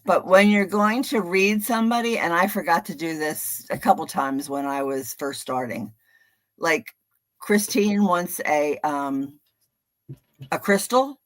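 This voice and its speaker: A woman's voice: fairly low pitch, measured pace. A woman co-hosting a casual livestream who talks in a playful, giggly way and coaches her partner through the setup. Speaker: co-host of reading stream.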